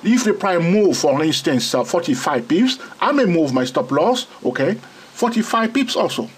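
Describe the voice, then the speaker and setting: Male trading tutor, husky voice, very lively pitch, keeps checking "okay?". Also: moderate pace, poor audio. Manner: repeats "all right?" and "okay?" often, pointing at charts. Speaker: trading instructor. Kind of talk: screen-recorded trading lesson.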